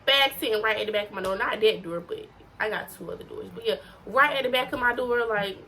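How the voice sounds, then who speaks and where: A woman's voice: mid-range voice, fast talker, sharp tone, slight background noise, low-quality recording. A teenage girl giving casual, profane tips to her viewers in a blunt, slangy way. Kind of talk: casual to-camera advice.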